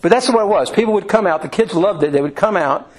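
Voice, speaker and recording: A man from Indiana preaching a sermon in a folksy, storytelling way, often restarting and filling pauses. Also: high voice, expressive, poor audio. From Indiana, USA.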